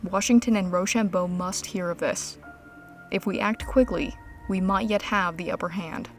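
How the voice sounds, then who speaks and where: A woman voicing an eager, warm French general with a French accent, in a narrated history story. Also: high-pitched, fairly even intonation, normal speed, far from the mic, soft background music.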